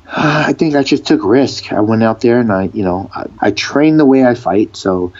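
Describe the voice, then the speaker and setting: A man, a fighter and actor, telling stories in a casual interview, animated and full of restarts. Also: medium pitch, measured pace, muffled recording. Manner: animated, re-enacts dialogue, frequent restarts.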